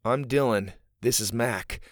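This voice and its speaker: A man voicing a level-headed boy who speaks calmly and reassuringly. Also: medium pitch, a little slow, no echo, clean studio sound, lightly acted. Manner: calm, reassuring.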